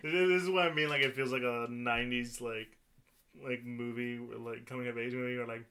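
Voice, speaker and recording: A man's voice: mid-range voice, steady tone, pushed and bright. A man co-hosting a casual review chat, swearing and restarting his sentences often, sitting farther from the mic. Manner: swearing, halting with many restarts. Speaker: podcast co-host.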